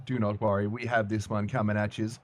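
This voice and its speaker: A man casting a video game match as play-by-play commentator, jokey and excitable. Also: lowish voice, fairly quick, slight background noise. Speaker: esports caster. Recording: music playing behind.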